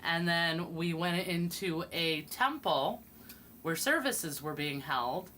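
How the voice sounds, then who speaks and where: A woman's voice: on the low side, slow pace, pushed and bright, a little hiss or hum. A woman streaming while painting miniatures, chatting casually and rambling with fillers. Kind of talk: casual chat.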